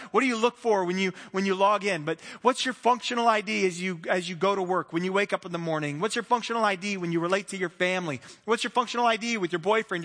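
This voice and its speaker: Preacher, male: high, bright, earnest, long hall reverb. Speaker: pastor. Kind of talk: sermon. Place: church hall.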